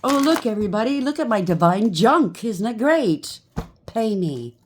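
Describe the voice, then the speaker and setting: A woman's voice: lowish voice, sing-song, slow pace, dark tone, a little hiss or hum. A woman putting on the voice of a greedy, boastful fake spiritual seller in a mocking, sing-song way.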